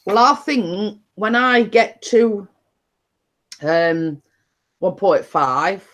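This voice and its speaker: A woman's voice: mid-range voice, expressive, extremely slow, fairly bright tone. Lady rambling on her home stream, chatty, keeps restarting. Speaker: livestream host. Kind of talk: casual chat. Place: home computer desk.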